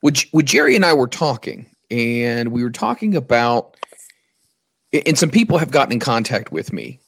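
A man hosting a podcast, chatting in a relaxed way, giving shout-outs and putting questions to his co-host. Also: medium pitch, moderate pace, gravelly. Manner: easygoing, chatty, thanks listeners. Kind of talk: casual podcast chat.

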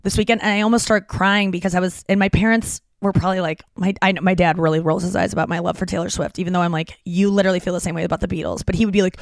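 A woman's voice: very fast, gravelly, hardly any pauses, dry recording. Woman, comedian, podcast host, rambling storytelling, curses, dry close mic. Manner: rambling, animated, swears freely, acts out quotes in a high voice.

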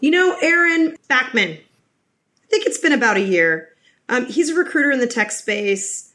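A woman's voice: high voice, big pitch swings, measured pace, sharp tone. Chatty woman telling stories. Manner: chatty storyteller with many restarts. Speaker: podcast guest. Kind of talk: casual interview chat.

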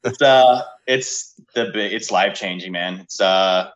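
A man's voice: sits low, a little slow, a bit bright, muffled recording. A man speaking as a guest over a video call, laid-back and blunt. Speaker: guest, pub owner.

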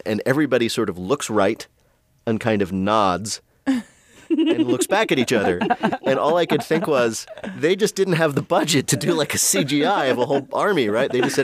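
A man's voice: medium pitch, moderate pace, no room sound. A man co-hosting a casual podcast chat, talking animatedly and laughing often. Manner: animated, laughing, mimics others. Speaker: podcast co-host.

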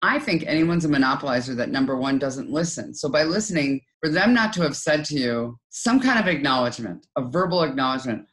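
A woman's voice: very deep voice, brisk, few pauses. A middle-aged woman, an author as interview guest, giving conversational advice and acting out example dialogue. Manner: lively, acts out quoted dialogue in other voices.

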